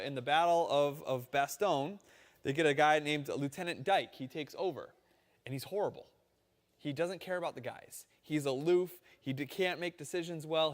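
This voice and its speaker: A man preaching a sermon, telling a story with animated quoted voices. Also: high-pitched, long reverb tail. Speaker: pastor.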